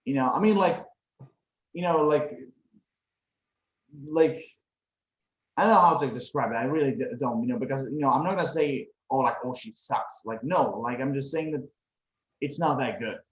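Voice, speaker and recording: A male podcast co-host from Croatia chats casually about movies in a mid-range voice with lively intonation, speaking at a moderate pace with long pauses. He rambles and leans on fillers like "you know." The recording is echoey, muffled, and lo-fi.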